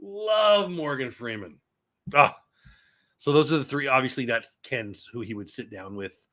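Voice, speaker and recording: A man in his fifties hosting a casual live stream, reading viewer comments aloud and reacting with excitable, chatty asides. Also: mid-range voice, normal speed. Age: 50s. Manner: animated, excitable, talks back to chat.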